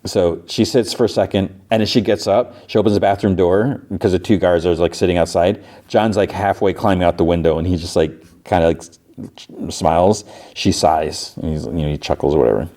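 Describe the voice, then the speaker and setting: A man's voice: low-pitched, steady tone, brisk, dark tone. A man hosting a podcast, casually retelling a TV episode in a rambling way, full of fillers like "like" and "you know.". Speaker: podcast host. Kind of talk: casual show recap.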